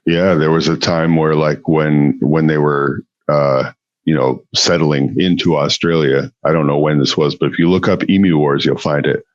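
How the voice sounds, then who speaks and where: A man's voice: rumbling low, steady tone, moderate pace, no room sound, lo-fi sound. A man from the Upper Midwest, chatting casually on a podcast in a laid-back way, with lots of easy yeps and mm-hmms. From Upper Midwest US near the Canadian border. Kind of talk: casual chat.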